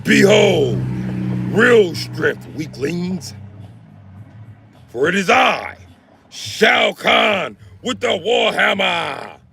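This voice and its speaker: A man putting on the voice of a gloating, menacing tyrant emperor, bellowing slow proclamations. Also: high-pitched, big pitch swings, vocal fry, sharp tone, shouting, a little hiss or hum, voice pushed up, exaggerated voice.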